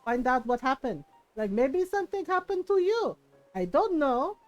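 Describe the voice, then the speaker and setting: A woman imitating her mother, a calm, deadpan Filipino mother with a Filipino accent and clipped broken grammar. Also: sits high, normal speed, dry recording, highs cut off, soft background music. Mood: deadpan threatening.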